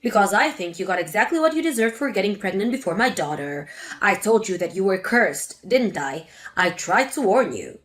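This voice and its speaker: A woman's voice: mid-range voice, animated, normal speed, pitched below the performer's own voice, lightly acted. A woman voicing a spiteful, scornful older mother-in-law in a dramatic story reading. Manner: sneering, contemptuous.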